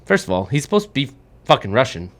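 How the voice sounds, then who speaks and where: A man's voice: medium pitch, big pitch swings, fast. Profane, ranting man on a podcast. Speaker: podcast host. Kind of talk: casual chat, movie rant.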